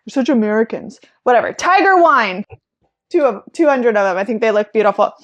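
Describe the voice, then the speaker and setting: A young woman with a slightly high voice talks casually about her farm in a how-to vlog. She is chatty and bubbly and says "like" a lot. She sounds like a friendly flower farmer sharing tips. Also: animated, fairly quick, lo-fi sound. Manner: chatty and bubbly, with frequent "like" and laughter.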